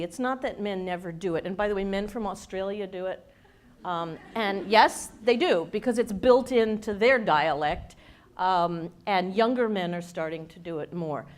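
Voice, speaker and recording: Woman, communications speaker, workshop before a live audience, playful, quizzes the room, middle pitch. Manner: lively, playful, asks the audience questions; demonstrates speech habits with her own voice.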